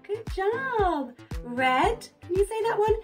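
A woman teaching toddlers in a learning video, slow and sing-song, with big gasps and constant praise. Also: extremely high pitch, big pitch swings, soft background music.

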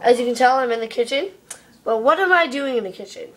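Her voice runs on the high side, fast and expressive, as this young vlogger chats casually to her camera. Giggly and prone to casual swearing, she films indoors and then out in a windy yard.

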